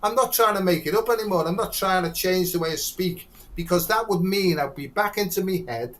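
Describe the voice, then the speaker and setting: Blunt man, fairly high voice. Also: brisk, a bit bright. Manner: earthy, blunt, swears freely. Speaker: guest, doctor. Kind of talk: casual conversation.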